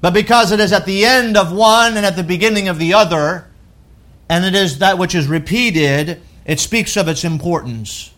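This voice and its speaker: A man who is a pastor, preaching a sermon with emphatic rises and hushed drops. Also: high voice, normal speed. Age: adult with wife and children. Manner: emphatic preaching with wide swings from loud to hushed.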